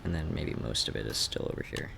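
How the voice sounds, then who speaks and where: A man's voice: extremely low pitch, fast, vocal fry, fairly bright tone, slight background noise. A man streaming while he sketches, thinking aloud, trailing off and restarting, with a faint Canadian-like North Idaho accent. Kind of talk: rambling drawing stream. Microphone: desk mic.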